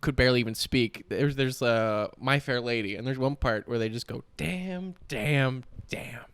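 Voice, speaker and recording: A man's voice: medium pitch, fairly even intonation, brisk, a bit bright, clean tone, dry recording. A young adult man co-hosting a podcast, joking around and swearing freely in casual chat. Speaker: podcast co-host.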